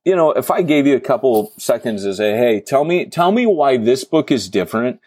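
A man's voice: mid-range voice, sing-song, normal speed, a little mellow, dry recording. A man hosting a podcast interview, talking in a rambling, jokey way and often interrupting himself. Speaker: podcast host. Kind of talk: casual interview chat.

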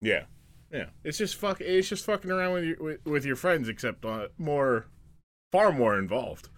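A man's voice: fairly high pitch, sing-song. A man hosting a podcast in casual chat, rambling with frequent restarts and fillers. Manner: halting, with many restarts and fillers. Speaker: podcast host.

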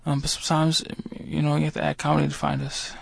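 Give me a gravelly, hesitant male co-host. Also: on the high side, completely flat delivery, fast, no echo. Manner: earnest, hesitant, filler-heavy. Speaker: radio show co-host. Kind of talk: comedy radio co-hosting.

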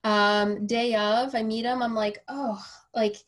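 A personal trainer hosting a podcast tells a story casually and animatedly, full of fillers and acted-out quoted dialogue. Her voice is fairly high and slow.

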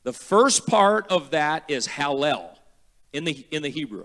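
A man preaching as a guest pastor, emphatic and repetitive, slowing down to spell out words and building to loud praise. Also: a little high, expressive. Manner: repeats words slowly for teaching. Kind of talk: sermon.

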